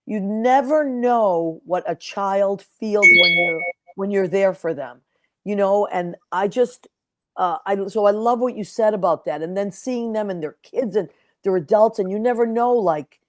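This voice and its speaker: A woman's voice: mid-range voice, measured pace. A woman hosting an interview show, telling heartfelt stories in a casual chat and acting out the people in them. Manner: emotional storyteller, acts out quotes. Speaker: podcast host.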